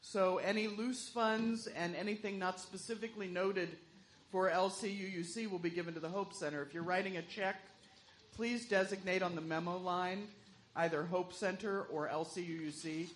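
A woman's voice: lowish voice, fairly even intonation, moderate pace, slight background noise. Woman worship leader: tells a joke, then reads announcements plainly. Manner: storytelling, then matter-of-fact. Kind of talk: joke telling and service announcements.

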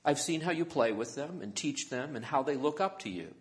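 A patient, gentle dad, as a man reads him, speaking softly and evenly. His voice rises a little as he explains, kind and unhurried. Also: medium pitch, voice pushed up, lightly acted. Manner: calm, soft, explaining. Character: patient gentle father talking to his daughter.

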